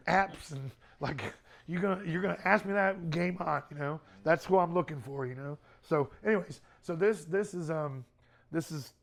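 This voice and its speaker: A middle-aged man speaking to a youth group in a casual, conversational way, often repeating words and using fillers. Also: fairly high pitch.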